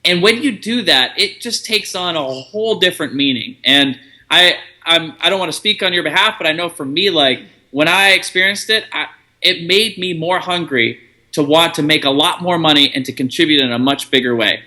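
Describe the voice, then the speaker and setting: Man, interview guest, casual storytelling, very bright tone, somewhat high pitch. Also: moderate pace. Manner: relaxed, chatty, acts out quoted dialogue.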